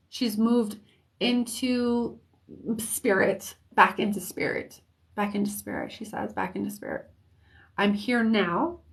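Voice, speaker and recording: A woman giving an intuitive reading on a live stream, hesitant and searching for words, with soft, comforting reassurance. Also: mid-range voice. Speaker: intuitive reader.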